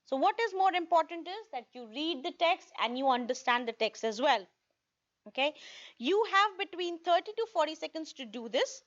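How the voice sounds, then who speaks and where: A woman with a high voice gives a recorded test-prep lesson, going over tips and often pausing to ask "okay?". The sound is a bit dull and lo-fi. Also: expressive. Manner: repeats points, checks in with "okay?". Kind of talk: online video lesson.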